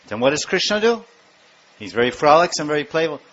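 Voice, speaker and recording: A man giving a devotional lecture, telling stories in an animated way and acting out the scenes. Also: on the high side, brisk. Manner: animated storytelling, acts out scenes. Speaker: spiritual lecturer. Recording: dull lo-fi lecture recording.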